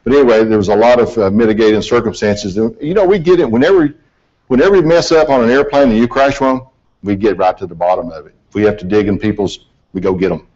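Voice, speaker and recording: A middle-aged man tells an audience about an accident investigation in a relaxed, folksy, self-deprecating way. His voice sits low, and the recording is dull and lo-fi. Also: fast. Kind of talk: presentation to an audience.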